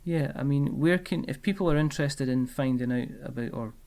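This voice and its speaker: A man's voice: mid-range voice, brisk, darkish tone. Chatty laughing man hosting. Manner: chatty, laughs often, lots of fillers. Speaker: podcast host. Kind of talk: casual podcast chat.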